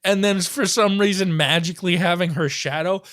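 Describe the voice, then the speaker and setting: High-voiced laughing male podcast co-host. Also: moderate pace. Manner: excited, laughs often, swears casually. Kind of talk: casual film review chat.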